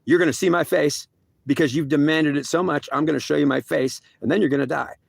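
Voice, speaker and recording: A man's voice: fairly high pitch, quick pace, creaky, no echo. A man voicing a stern male God who scolds a soldier at length, repeating himself and stumbling over restarts. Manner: repetitive, lecturing, stumbling restarts.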